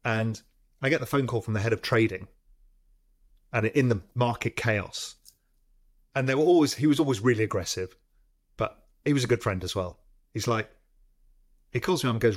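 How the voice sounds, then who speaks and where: A man, a guest in an interview, telling a long anecdote in a lively way, often restarting his sentences. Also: mid-range voice, normal speed, long pauses, slightly rough. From United Kingdom. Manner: lively, acts out phone calls, frequent restarts. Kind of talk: storytelling in a long-form interview.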